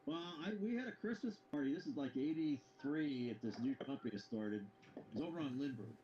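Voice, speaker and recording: A man's voice: medium pitch, lively intonation, a little fast, highs cut off, a little hiss or hum. A man in casual chat, telling a story with animation and chuckling as he goes. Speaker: co-host.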